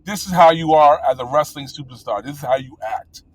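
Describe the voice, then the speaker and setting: A man's voice: a little high, fairly quick, low-quality recording. A man in casual chat about wrestling, rambling with many fillers and blunt, profane talk. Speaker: podcast co-host.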